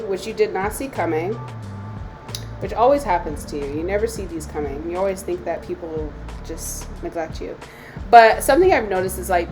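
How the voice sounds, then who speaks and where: A woman's voice: medium pitch, a little mellow, low-quality recording. Candid, tearful young woman vlogging. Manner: candid and tearful, swearing freely. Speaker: psychic medium and vlogger. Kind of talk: emotional self-talk vlog.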